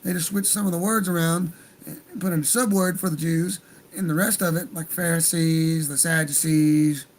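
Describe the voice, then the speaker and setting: A man's voice: fairly high pitch, steady tone, moderate pace, rough recording. A man hosting a livestream, talking in a heated, profane, rambling rant. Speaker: livestream host.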